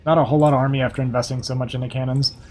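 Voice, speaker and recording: A young man giving casual, quick play-by-play commentary on a strategy game match, a little hoarse and thinking aloud as he goes. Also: mid-range voice, flat delivery, darkish tone, soft background music. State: slightly hoarse, losing his voice. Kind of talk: live esports play-by-play commentary.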